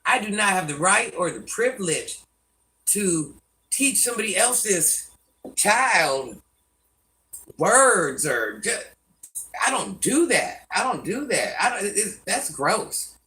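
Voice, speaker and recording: A woman's voice: mid-range voice, very animated, unhurried, bright, forceful tone, recorded from a distance, low-quality recording. An older woman hosting a live stream, scolding commenters by name and chatting with viewers. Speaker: livestream host.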